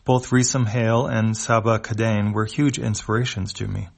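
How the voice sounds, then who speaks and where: A man voicing a calm, polite human man in a read-aloud comic. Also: on the low side, moderate pace, vocal fry. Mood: earnest.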